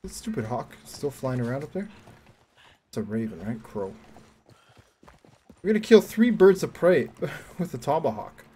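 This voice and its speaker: A young man streaming a game, joking crudely and breaking into loud whoops and yelps. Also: mid-range voice, big pitch swings, normal speed, pauses often, slight background noise. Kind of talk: casual livestream chat while playing.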